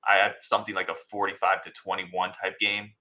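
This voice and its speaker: A male podcast host talks at a rapid clip in a bright, forceful voice that sits fairly low. He is upbeat and encouraging, speaking with his guest over a video call. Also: little pitch movement, a little hiss or hum. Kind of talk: casual podcast interview.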